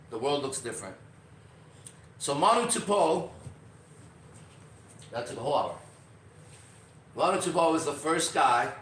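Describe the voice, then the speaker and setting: A man hosting a podcast, telling a story in a casual, profane and animated way, acting out other people's lines. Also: medium pitch, a little hiss or hum. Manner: profane, animated, acts out quotes. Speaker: podcast host. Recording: roomy, distant from mic.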